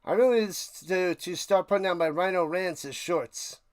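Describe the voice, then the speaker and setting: A man's voice: high voice, normal speed. A man hosting a live game watch party stream, calling plays and ranting sarcastically to his chat. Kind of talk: live play-by-play and casual rant.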